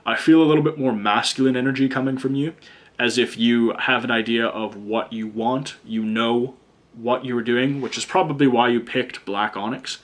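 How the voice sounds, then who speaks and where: A man's voice: mid-range voice, steady tone, moderate pace. Blunt, ranting male tarot reader. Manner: blunt, chatty, swears freely, prone to rants. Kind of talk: casual pick-a-card reading.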